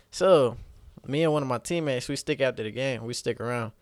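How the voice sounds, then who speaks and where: A young man telling a story in casual chat, animated, laughing and acting out the people he quotes. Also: medium pitch, fairly quick, no echo, clean studio sound.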